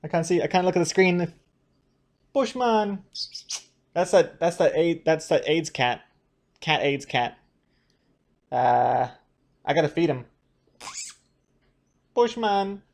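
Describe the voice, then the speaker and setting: A man, a comic artist, chatting casually on a live stream, reading viewer questions aloud in a halting, rambling way from his home studio desk. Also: on the high side, steady tone, gravelly. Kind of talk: casual livestream chat.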